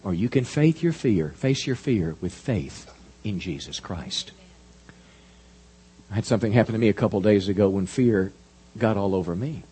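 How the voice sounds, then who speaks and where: Folksy animated preacher man in his fifties. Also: on the low side, moderate pace, husky. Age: 50s. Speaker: pastor. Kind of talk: sermon.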